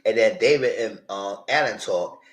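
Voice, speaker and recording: A young man hosting a casual live TV recap, animated and slipping into the voices of the people he quotes. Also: fairly low pitch, moderate pace, roomy sound, rough recording. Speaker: YouTube TV recap host.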